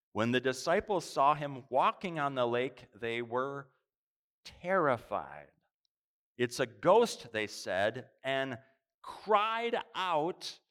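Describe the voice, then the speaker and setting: A male preacher in the middle of a sermon, reading scripture and stretching key words out slowly for weight. His pitch moves a lot, lifting and falling through each passage. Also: fairly bright tone.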